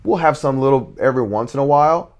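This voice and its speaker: Man, podcast guest, father and coach, earnest, reflective, mid-pitched voice. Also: fast, darkish tone. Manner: earnest, reflective, frequent restarts. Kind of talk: podcast conversation.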